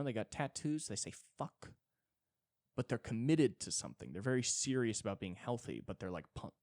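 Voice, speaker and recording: A man's voice: normal speed, no room sound, clean studio sound. A man hosting his own podcast alone, telling crude, self-deprecating stories in a rambling comedic monologue. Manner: animated, jumps between high and low tones. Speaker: solo podcast host. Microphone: podcast mic.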